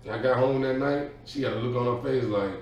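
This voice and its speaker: A man telling an animated childhood story in a casual podcast chat. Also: medium pitch, brisk, a little hiss or hum. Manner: animated, acts out voices in his story. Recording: echoey room, far from the mic.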